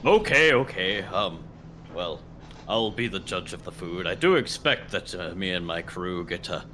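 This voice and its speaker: A man's voice: low-pitched, lively intonation, a little slow, a crowd in the background. Man playing a pompous dragonborn ship's cook. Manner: boastful, fussy, formal.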